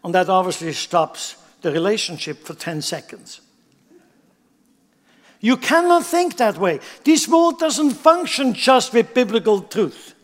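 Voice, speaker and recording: Male pastor, higher register, emphatic sermon delivery with rhetorical questions, reverberant sanctuary. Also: big pitch swings, unhurried. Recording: long hall reverb.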